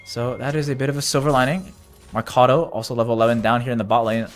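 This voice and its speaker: A man doing live play-by-play commentary of an esports match, getting loud and excited during big plays. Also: medium pitch, fast talker, faint music behind.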